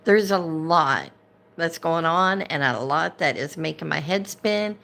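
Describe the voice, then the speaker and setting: A woman's voice: deep voice, measured pace, gravelly, a bit bright. A woman hosting a casual livestream, ranting with indignation and greeting viewers by name as they join. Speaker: livestream host.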